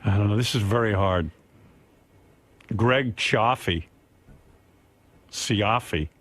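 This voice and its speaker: A man hosting a radio show, talking in a casual, wry and animated way into a studio mic. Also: fairly low pitch, slow, dry recording. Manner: animated, wry, reacting and laughing. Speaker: radio host.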